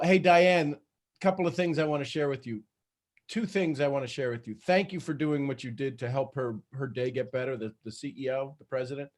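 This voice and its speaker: A man with a slightly raised voice hosts a video call and gives earnest, supportive coaching. He often stops and restarts his sentences as he works out what to say. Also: a little high. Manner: earnest, halting, many restarts. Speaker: host. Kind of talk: motivational coaching talk.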